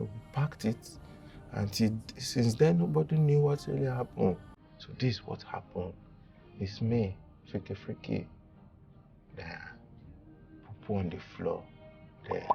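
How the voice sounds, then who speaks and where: A young Nigerian man telling a funny confession story in a casual, dramatic and animated way, with a gravelly voice. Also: lowish voice, measured pace, pauses often, far from the mic, soft background music. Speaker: guest.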